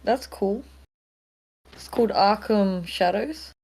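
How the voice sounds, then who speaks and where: A woman's voice: medium pitch, takes it slowly, darkish tone, breathy edge, low-quality recording. A woman co-hosting a podcast, chatting in a laid-back way and hedging with "like". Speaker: podcast co-host. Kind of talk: casual chat.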